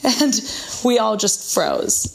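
A woman's voice: on the low side, a little fast. A young woman trades travel stories with a friend in easy, casual talk. She tells them animatedly, sprinkling in "like" as she goes. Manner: animated storytelling, frequent "like". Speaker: podcast co-host. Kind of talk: casual chat.

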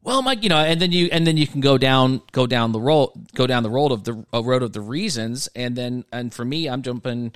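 A man co-hosting a casual faith podcast, explaining thoughtfully and asking gentle, probing counseling questions, at times poking fun at himself. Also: medium pitch, a little fast, hardly any pauses, clear, resonant tone, no echo, studio quality.

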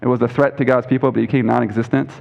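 Rapid-fire and gravelly, this man's mid-range voice is a little mellow, with a flat delivery. He preaches as a pastor, quoting scripture emphatically as his voice rises and questioning the congregation, captured in a dull lo-fi recording with a long hall echo.

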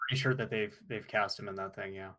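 A man's voice: fairly low pitch, steady tone, fast talker, pushed and bright. A man on a podcast, chatting casually and giving opinions about movies. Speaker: podcast co-host.

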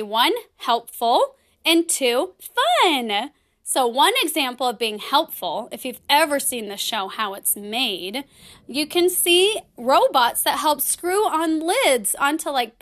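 Bright, playful woman hosting a children's lesson. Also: high-pitched. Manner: gentle, playful and encouraging, laughs often. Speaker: children's program host. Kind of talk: children's lesson with song and breathing game.

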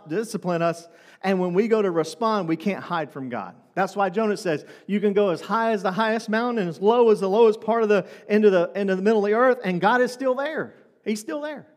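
A pastor with a notably high voice preaches a sermon to his congregation, speaking loosely and conversationally and repeatedly tossing rhetorical questions at the room. His voice rings with the long reverb of a church hall.

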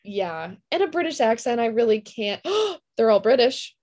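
A woman co-hosting a podcast who teases her co-host with quick, laughing remarks. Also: a little high, expressive, darkish tone. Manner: teasing, quick-witted, laughing. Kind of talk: casual chat.

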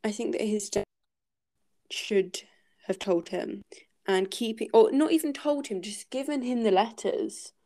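A woman's voice: medium pitch, a little slow, dark tone. A woman hosting a casual book-club podcast, thinking aloud and hesitating with many fillers as she talks through a chapter.

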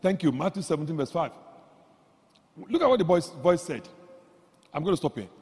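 A man preaching a sermon, swinging from quiet asides to loud exclamations and leading the congregation in call-and-response. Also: fairly quick, slightly rough. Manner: animated, jumps from low asides to loud exclamations. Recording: long hall reverb.

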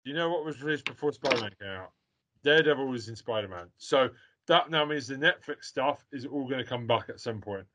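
A man hosting a casual chat over a video call, jokey and excitable, swearing freely. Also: mid-range voice, a little fast.

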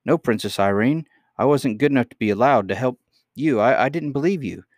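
A man's voice: mid-range voice, expressive, brisk, darkish tone, no room sound, studio quality, voice pushed up, natural voice. A man voicing an earnest, impulsive young miner boy in a read-aloud storybook.

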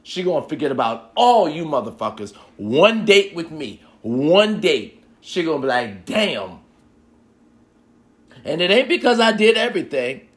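A man's voice: on the high side, sing-song, moderate pace, few pauses. A man delivering a profane comedic rant straight to the listener, acting out both sides of a date as he goes.

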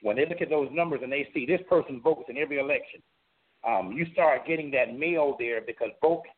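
A man from Florida tells a long personal story to a talk show host, earnest and steady at a middle pitch. He acts out the voices of the people in his tale. His voice comes through a thin, tinny line that sounds like a phone. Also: brisk. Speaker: guest, former governor candidate.

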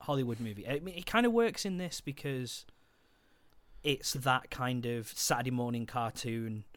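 A man cohosting a casual film podcast, chuckling as he checks facts. His voice sits at an ordinary pitch. The sound is close and dry, with no room echo. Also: moderate pace, fairly bright tone. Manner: laughs often, looks things up mid-chat. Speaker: podcast co-host.

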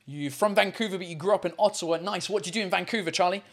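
A man's voice: sits high, very fast. A man hosting a live video call show, chatting in an upbeat way with callers and often stumbling over and repeating his words. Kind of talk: casual live-stream chat with callers. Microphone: computer mic on a video call.

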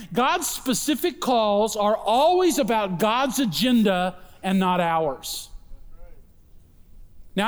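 A man preaching a sermon, emphatic, darting between quick asides and slow, stressed words. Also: high-pitched, long reverb tail. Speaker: pastor.

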